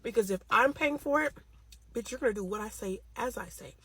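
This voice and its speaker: A woman rants through a story at a rapid clip, blunt and profane. Her voice sits a little high with a husky, breathy edge. The recording is dry and close, with no room sound. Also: bright, forceful tone, dry recording. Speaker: storytime vlogger. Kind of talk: casual storytime rant.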